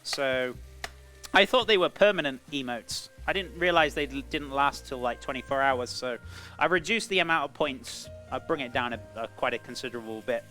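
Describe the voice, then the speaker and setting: Chatty British man with a bright voice. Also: medium pitch, normal speed, faint music behind. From Britain. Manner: chatty, rambling, greets chat as "buddy". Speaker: cooking streamer. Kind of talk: casual live-stream chat while cooking.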